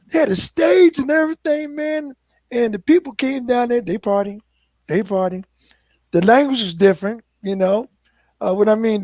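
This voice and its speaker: Older male guest musician, high gravelly voice, dry sound, lively storyteller. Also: no echo. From Philadelphia. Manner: animated, acts out quoted voices. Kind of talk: casual storytelling.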